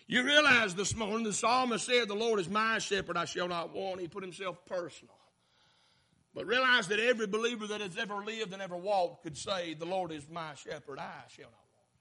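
A man preaching a fervent sermon, swinging from shouted lines down to low, quiet ones. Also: fairly quick.

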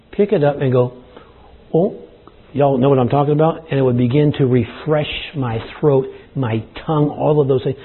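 Man, pastor, sermon, folksy, husky, dry throat, tinny phone-like sound. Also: mid-range voice. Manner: folksy preaching, addresses congregation as y'all. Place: church service.

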